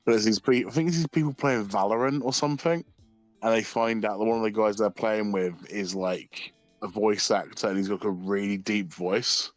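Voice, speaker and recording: A man's voice: fairly low pitch, fairly even intonation, normal speed, dry recording, faint music behind. A young man chatting casually on a stream, telling stories with a lot of swearing and laughter. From United Kingdom. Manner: sweary, giggly storytelling. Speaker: streamer co-host.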